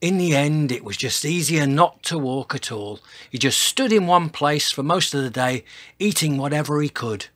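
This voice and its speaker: A man reading a children's dinosaur story aloud, with dramatic sound words and expressive pacing. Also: on the high side, normal speed.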